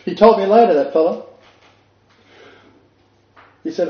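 A man's voice: sits high, unhurried, long pauses. Older man preaching a sermon. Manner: earnest, emphatic, with asides and laughs. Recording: dull echoey room recording.

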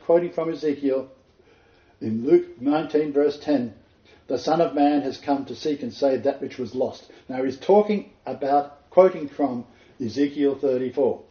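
A man's voice: mid-range voice, warm tone. A man teaching as a messianic rabbi and minister, quoting scripture with dramatic emphasis. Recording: echoey, dull lo-fi room sound.

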